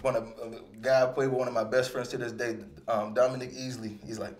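A man in his thirties, a retired football player, telling stories from his career in a casual, rambling interview, sometimes jumping into animated bursts. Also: medium pitch, quick pace. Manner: relaxed, rambling, with animated bursts when quoting himself. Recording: roomy echo.

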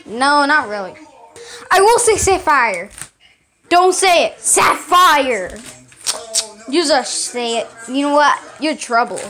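A woman with a high, bright-pitched voice acts out every part of a homemade cartoon herself. She talks at an unhurried pace, swinging between sides of a playful squabble. Her lines come out halting and often repeated. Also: big pitch swings. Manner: playful, bickering back and forth between characters.

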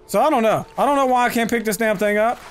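High-voiced swearing gamer. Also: male voice, quick pace, clear, resonant tone. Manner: swearing, talking to himself and the game, bursts into loud excited yelling. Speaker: gaming channel host. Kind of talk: casual let's play commentary.

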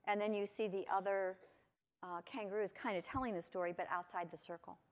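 A woman giving a lively conference talk to teachers, asking her audience lots of questions. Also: mid-range voice, brisk. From United States. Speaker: conference presenter. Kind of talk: lecture to teachers. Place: conference hall.

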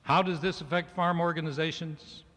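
Addressing a crowd in a large hall, this speaker delivers comic remarks to a farm organization in a mock-serious, lecturing manner. His voice sits on the high side, fairly bright, with a steady tone at normal speed. It's preserved on an archival cassette, with the hall's reverb audible.

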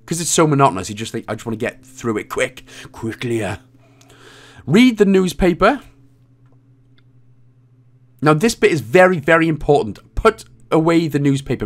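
A man giving casual, jokey walkthrough commentary on a game, now and then reading out lines in put-on voices. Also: a little high. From Wales. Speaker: game guide creator.

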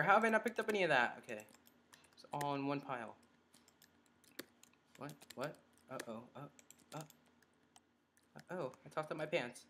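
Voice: mid-range voice, animated, normal speed, long pauses, pushed and bright. A gaming commentator talking through live gameplay, chatty and muttering reactions to the game. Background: keyboard and mouse clicks.

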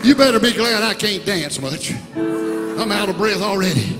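A bishop preaching an impassioned sermon in a church sanctuary, swinging between soft words and shouts. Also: male voice, high-pitched, very animated, moderate pace. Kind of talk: Pentecostal sermon. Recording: reverberant church hall with music.

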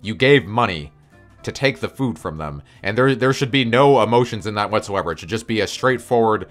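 A man's voice: on the low side, expressive, fairly quick, soft background music. A man telling a story on his video channel, ranting and swearing as he goes. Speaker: video creator. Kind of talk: story-time vlog.

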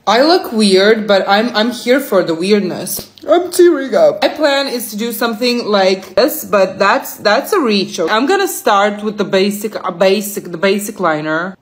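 A woman's voice: mid-range voice, expressive, unhurried, few pauses. A young woman chatting casually through a makeup vlog, playful and self-mocking. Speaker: makeup content creator.

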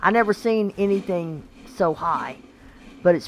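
Chatty excitable woman playing a game. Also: on the low side, unhurried, slight background noise. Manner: chatty and excitable, talks to the game creatures, laughs often. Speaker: gaming channel host. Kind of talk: casual gameplay commentary.

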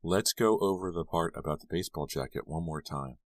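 Guy reading a calm lady cop asking questions, low deep voice, dry. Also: brisk, no room sound. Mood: patient. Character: female police officer, calm, patient.

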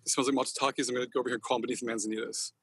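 Fast-talking husky man, passionate and rambling. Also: medium pitch, flat delivery, a bit bright, dry recording. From Northern California. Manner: passionate, rambling, swears casually. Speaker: podcast guest, company founder. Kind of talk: casual interview chat.

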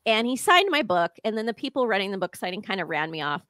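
A woman's voice: medium pitch, sing-song, fast, bright, forceful tone, no echo, clean studio sound. An American woman hosting a podcast, chatting in a bubbly, gushing way and laughing often. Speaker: podcast host. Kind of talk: casual interview chat.

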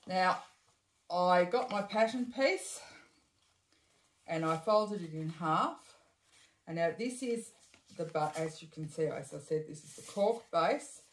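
A woman's voice: fairly low pitch, expressive, slow pace, long pauses. A woman giving a casual sewing demonstration, chatty, correcting herself and adding asides as she goes. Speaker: bag-making tutor. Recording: echoey room.

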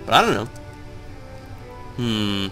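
Groggy guy doing let's play commentary, rambly and sweary, bright voice bouncing up and down, game music faint behind. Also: lowish voice, slow pace. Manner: rambling, excitable, swears a lot, talks to the viewers. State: groggy, just woke up. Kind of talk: casual gameplay commentary.

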